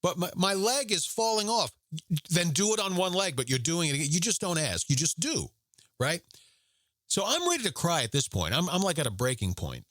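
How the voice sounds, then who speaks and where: Earnest former Marine preaching on a podcast. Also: male voice, fairly high pitch, huge pitch swings, a little fast, fairly bright tone, dry recording, studio quality. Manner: earnest, repetitive, preacherly emphasis. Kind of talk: Catholic podcast monologue with personal story.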